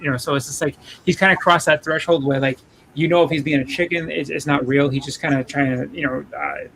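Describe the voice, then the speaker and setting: Gravelly-voiced man in casual chat. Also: on the high side, fairly even intonation, a bit bright, low-quality recording. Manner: halting, many restarts and fillers. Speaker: podcast co-host.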